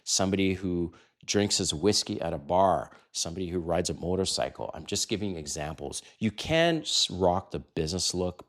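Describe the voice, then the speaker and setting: Deep-voiced older man giving blunt advice. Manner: blunt, coaching, with rhetorical questions. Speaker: dating coach. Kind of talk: direct-to-camera advice talk.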